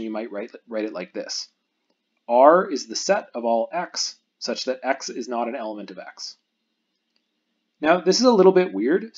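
In slightly dull, lo-fi audio, a man explains math one case at a time, his husky mid-range voice rising and falling considerably. He lectures patiently and stops now and then to give the viewer time to think.

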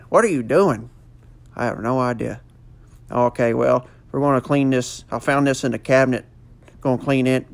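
Guy goofing off on a voiceover, gravelly voice, lots of uhs and rambling. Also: mid-range voice. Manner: rambling, goofy, full of fillers. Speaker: comic voiceover narrator. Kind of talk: joking mock voiceover.

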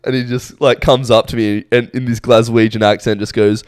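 A man's voice: medium pitch, little pitch movement, moderate pace, clear, resonant tone, no room sound, studio quality. A young Australian man co-hosting a podcast, telling rambling stories in a laid-back, casual way with lots of fillers. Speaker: podcast co-host. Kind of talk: casual chat.

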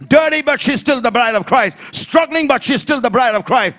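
Man preaching loud in church, really high bright voice, builds up to shouting. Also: animated, normal speed, few pauses. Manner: emphatic preaching, rising to shouts, call-and-response. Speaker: pastor. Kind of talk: sermon.

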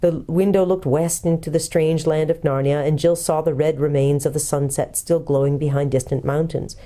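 A woman pastor calmly reading a children's book aloud. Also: sits low, normal speed.

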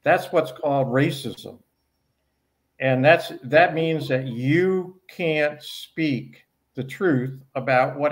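A man who is a criminology professor, speaking as an interview guest and explaining his points in an earnest, emphatic way. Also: medium pitch.

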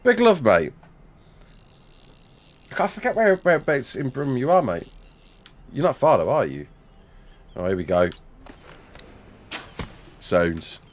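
A man in his thirties with a Black Country accent chats his way through a game livestream. He reads out chat, thanks donors as mate and son, and pokes fun at himself, his pitch rising and falling freely. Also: very animated, measured pace, long pauses. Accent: Black Country English. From Black Country, England. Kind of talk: casual livestream chat reading donations and chat.

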